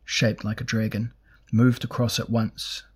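A man narrating a fantasy novel in a measured, even storytelling manner. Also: fairly low pitch, breathy edge. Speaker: audiobook narrator.

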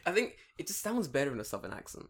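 A man's voice: mid-range voice, quick pace, gravelly, slightly rough. Laughing, swearing young man chatting. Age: 20s. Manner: animated, swearing, laughing storyteller. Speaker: podcast co-host. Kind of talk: casual chat.

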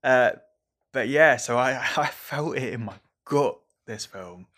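An English man, a young adult, hosting a casual solo podcast in an excitable, rambling, over-caffeinated way, swearing now and then. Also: mid-range voice, takes it slowly. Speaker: podcast host reviewing films.

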